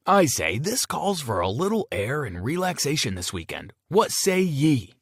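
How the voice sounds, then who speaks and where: A man's voice: fairly high pitch, sing-song, moderate pace, slightly rough, dry recording, clean studio sound, voice pushed up, exaggerated voice. A man doing a jovial coach dad. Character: jovial middle-aged swim coach dad.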